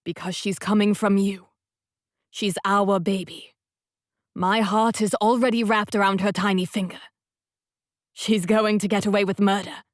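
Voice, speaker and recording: A woman voicing a tender, devoted man in an audiobook romance, speaking gently and earnestly. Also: medium pitch, steady tone, measured pace, long pauses, no room sound, studio quality, natural voice. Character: tender, devoted grown man, former grumpy boss. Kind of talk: audiobook dialogue reading.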